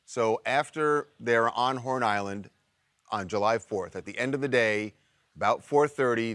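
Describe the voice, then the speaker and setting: A man reporting, explaining events in a measured, methodical way. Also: lowish voice, fairly bright tone, no room sound. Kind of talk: explanatory narration.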